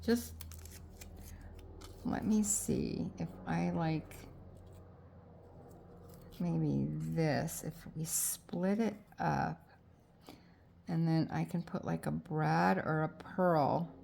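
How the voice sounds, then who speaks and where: A woman's voice: low-pitched, extremely slow, vocal fry, long pauses, dark tone, slight background noise. A middle-aged woman vlogging as she crafts, rambling and indecisive as she talks herself into her choices. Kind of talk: casual thinking aloud while crafting.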